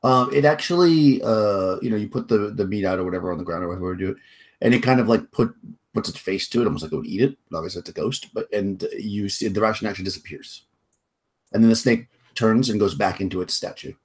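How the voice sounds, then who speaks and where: A man runs a tabletop game in a husky, slightly low voice. He narrates in halting bursts, hedging and restarting his sentences. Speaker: game master.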